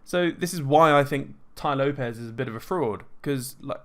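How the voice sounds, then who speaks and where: A man talking casually and at length in an energetic, self-assured way, full of fillers and restarts. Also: mid-range voice, normal speed. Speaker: host answering viewer questions. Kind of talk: casual monologue.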